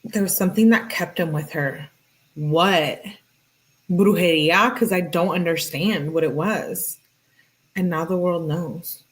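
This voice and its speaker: A woman's voice: fairly low pitch, measured pace, rough recording. A woman giving casual, earnest true crime commentary, talking in a chatty way with lots of "like". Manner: chatty, heavy use of "like"; earnest, emphatic. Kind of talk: casual commentary while reading texts.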